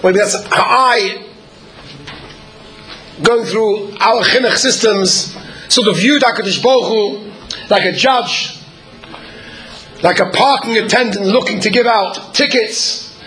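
A man, apparently a rabbi, giving an earnest sermon at a measured pace, pausing often and sometimes clearing his throat. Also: sits high, sharp tone, low-quality recording.

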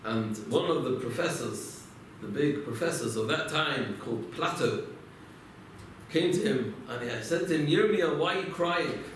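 A man's voice: mid-range voice, lively intonation, a little slow, a little hiss or hum. A man giving a religious lecture, telling stories and asking and answering his own rhetorical questions. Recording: echoey room, mic far off.

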